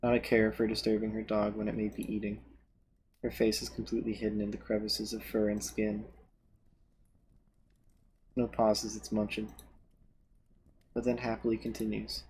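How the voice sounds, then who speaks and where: Streamer guy reading visual novel narration, lowish and monotone, steady pace. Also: normal speed, long pauses, a little hiss or hum.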